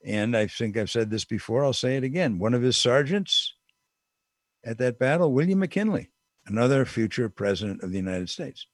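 A man's voice: mid-range voice, animated, normal speed, no echo, clean studio sound. An older man giving a casual, digressive political commentary monologue with emphatic asides.

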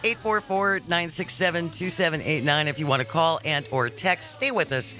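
A man hosting a political talk radio show in a studio, reading listener texts with brisk sarcasm. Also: fairly high pitch, bright, forceful tone, soft background music. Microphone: studio microphone.

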